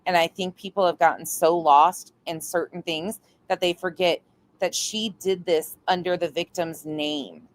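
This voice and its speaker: A woman's voice: lowish voice, steady tone, a little slow. A woman doing live stream commentary, blunt and exasperated, swearing freely.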